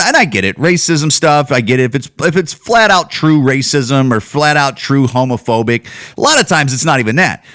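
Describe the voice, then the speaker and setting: A man's voice: medium pitch, fairly bright tone, no room sound, studio quality. A man hosting a podcast, ranting casually with lots of swearing and restarts. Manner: profane, rambling, many restarts. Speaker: podcast host. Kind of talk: casual rant.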